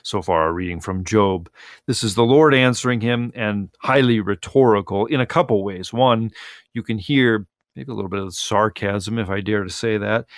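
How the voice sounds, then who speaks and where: A man's voice: fairly low pitch, moderate pace, no echo, clean studio sound. A male pastor, a guest on a radio talk show, thoughtfully explaining the Sunday Bible readings with appreciation for the text. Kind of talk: radio interview, scripture commentary.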